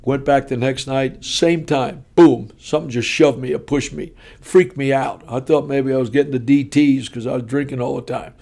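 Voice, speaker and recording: Mellow-voiced man telling a lively testimony. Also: mid-range voice, moderate pace, gravelly, few pauses. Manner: punchy, animated, folksy storytelling. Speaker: preacher giving his testimony. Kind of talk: personal testimony storytelling.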